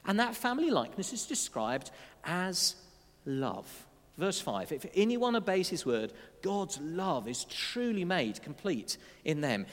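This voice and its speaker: A man preaching a sermon in a conversational way, with asides and dry humour. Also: a little high. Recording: long hall reverb.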